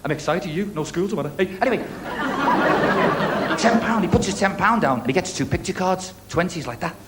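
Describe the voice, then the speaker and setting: Liverpudlian male stand-up comic, high and chirpy, quick-fire gags on a live TV talent stage. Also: a loud crowd, very noisy. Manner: quick-fire one-liners, chirpy asides to the audience. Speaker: stand-up comedian on a talent show. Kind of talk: stand-up comedy routine. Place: TV studio stage before a live audience. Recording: echoey 1980s TV studio, loud audience.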